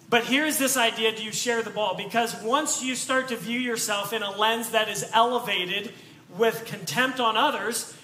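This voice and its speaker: Man, pastor, casual storytelling sermon, sharp bright tone, faint background noise. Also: very high voice. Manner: conversational, storytelling with asides and rhetorical questions. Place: church sanctuary. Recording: echoey church room with faint noise.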